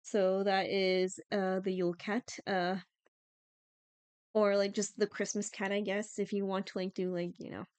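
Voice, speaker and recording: A woman's voice: mid-range voice, level tone, unhurried, darkish tone, clean tone, dry recording. A young woman from Iceland chatting casually on a livestream, giggling often and using lots of fillers.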